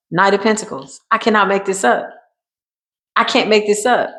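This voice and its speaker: A woman gives an intuitive tarot reading in a loose, chatty way. She repeats phrases for emphasis and calls her listeners y'all. Her voice sits at a middle pitch for a woman. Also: fairly even intonation, normal speed. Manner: emphatic, repetitive, colloquial, addresses viewers as y'all. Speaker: tarot card reader.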